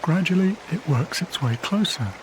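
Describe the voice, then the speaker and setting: A man, a wildlife cameraman from England, narrating his diary in a quiet, measured, reflective documentary voice. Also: sits high, animated, noisy background. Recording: faint river ambience behind.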